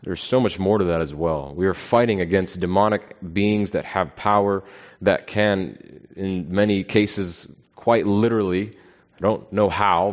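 A man preaching an earnest, measured sermon, often pausing with fillers. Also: low-pitched. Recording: dull, lo-fi sound.

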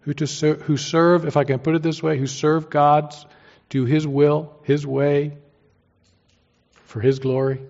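A man's voice: a little high, flat delivery, measured pace, creaky, darkish tone. A man preaching a sermon as pastor, emphatic and using homely everyday analogies. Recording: dull lo-fi sermon recording.

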